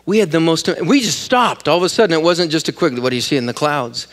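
Animated pastor, higher male voice. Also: quick pace, creaky, hardly any pauses. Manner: animated, jokey, asks the congregation questions; acts out voices in quotes. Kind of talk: sermon. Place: church sanctuary.

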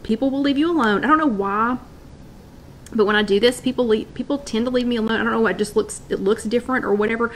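This wellness host's voice is on the high side, fast, and fairly even in intonation, with some hiss or hum behind it. On her casual live stream she chats and rambles, repeats and restarts, and names viewers as she greets them.

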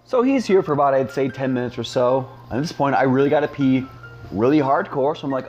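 A man's voice: medium pitch, animated, a little fast, darkish tone, muffled recording, faint music behind. A man in his twenties telling a funny story in a casual, rambling, self-mocking way, full of fillers. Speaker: storyteller, channel host.

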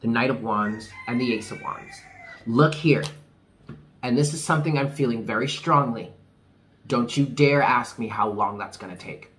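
Guy doing a laid back tarot reading, talks frank, laughs a lot, mid pitch, bit of hiss. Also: normal speed, a bit bright. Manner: chatty and candid, laughs often, swears. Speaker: tarot reader.

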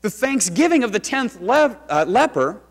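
A man preaching a sermon as pastor, telling the story conversationally and swinging between loud and hushed. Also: high-pitched, big pitch swings, moderate pace, gravelly. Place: church sanctuary. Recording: reverberant church sanctuary.

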